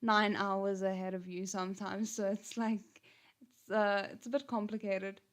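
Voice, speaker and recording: A woman from Africa, chatting casually on a livestream, hesitant with many ums, her voice a little gruff. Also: medium pitch, flat delivery, unhurried. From South Africa. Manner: hesitant, many ums and restarts, thanks viewers. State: slightly gruff voice. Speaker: channel host on a livestream. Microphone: headphones and desk mic.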